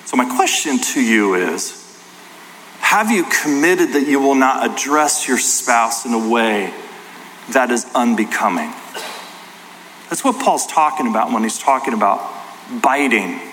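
A middle-aged man pastor giving a sermon, talking in an animated, conversational storytelling way. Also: mid-range voice, measured pace, slight background noise. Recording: hall reverb, faint ambience.

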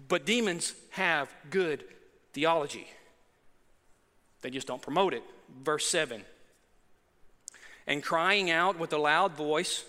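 A man's voice: high voice, pushed and bright, in a large hall. A male pastor preaching a sermon in a church, emphatic and repetitive.

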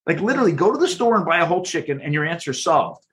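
A man's voice: a little high, big pitch swings, very fast, fairly bright tone. A man being interviewed as a guest author, explaining with energy and frequent restarts. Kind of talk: podcast interview.

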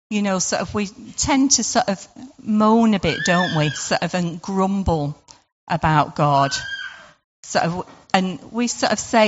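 A woman's voice: mid-range voice, animated, measured pace, in a large hall. A woman giving an informal devotional talk, chatty and full of rhetorical questions and "sort of" fillers. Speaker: devotional speaker. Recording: dull lo-fi recording.

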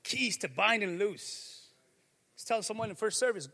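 A man with a very high, sharp, bright voice preaching to his congregation. He moves from quiet musing to fervent, shouted declarations. The sound carries a long reverb from the church hall. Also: lively intonation, normal speed, gravelly. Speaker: pastor. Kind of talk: sermon. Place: church sanctuary.

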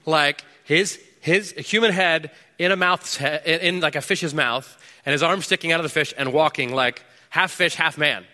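A man preaching a sermon, swinging between loud bursts and low, hushed stretches. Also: normal speed, hardly any pauses, in a large hall. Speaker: pastor.

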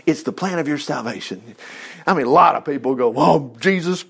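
A man's voice: medium pitch, fast talker, gravelly, breathy edge. A male preacher giving a conversational sermon to a congregation in a room, acting out the voices he quotes. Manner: animated, acts out quoted voices.

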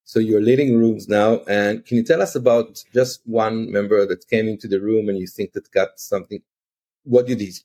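A man hosting a podcast, giving short affirmations and asking relaxed, open questions. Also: on the low side, normal speed. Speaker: podcast host. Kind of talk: interview questions.

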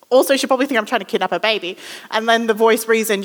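Young Aussie woman preacher, somewhat high voice, chatty storytelling sermon, reverberant hall sound. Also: rapid-fire. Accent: Australian. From Western Australia. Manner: chatty, self-deprecating, animated quoting. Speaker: ministry student preaching.

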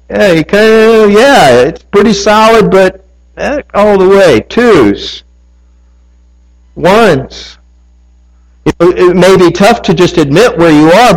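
A man's voice: sits high, poor audio. A male pastor preaching a sermon, telling a story, reading scripture and asking his congregation questions. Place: church.

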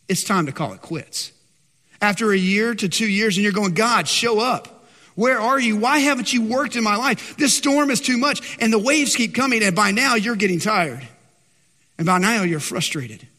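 High-voiced preacher swinging from loud to hushed. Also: male voice, long reverb tail. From Texas, USA. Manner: rises loud and high on questions, drops soft for stories. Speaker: pastor. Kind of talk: sermon.

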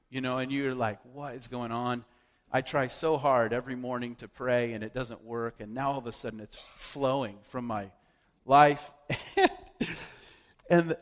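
A man's voice: medium pitch, a bit bright. A man telling a personal story as a sermon, chatty, with lots of fillers and restarts. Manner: conversational, loose with fillers and restarts. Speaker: preacher. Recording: long hall reverb.

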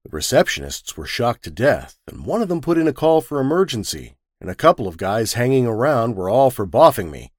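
A man narrating a first-person story with a wisecracking, lively storytelling manner. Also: medium pitch, brisk, few pauses, no room sound, studio quality.

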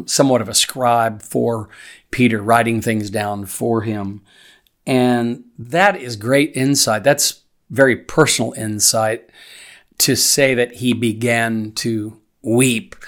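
Man preaching a conversational sermon. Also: mid-range voice. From United States. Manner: conversational teaching, reads scripture aloud with pauses and fillers. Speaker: pastor. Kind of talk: expository sermon.

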